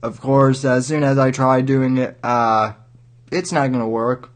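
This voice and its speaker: Slow, rambling male livestream host. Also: mid-range voice, fairly even intonation. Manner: rambling, wry, halting with many restarts. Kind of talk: casual livestream commentary.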